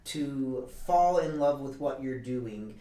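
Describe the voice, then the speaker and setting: A woman's voice: a bass voice, lively intonation, slow pace, dark tone, roomy sound, recorded from a distance. A woman chiming in casually on accent lessons, joking at her own expense. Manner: laughing, self-deprecating asides. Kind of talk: casual instructional chat.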